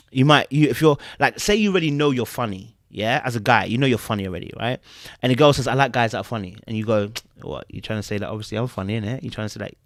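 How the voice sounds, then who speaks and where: A man's voice: mid-range voice, no echo, clean studio sound. A man, hosting a podcast and giving casual commentary on a dating show, acting out quotes and asking rhetorical questions. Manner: animated, acts out quotes, asks rhetorical questions.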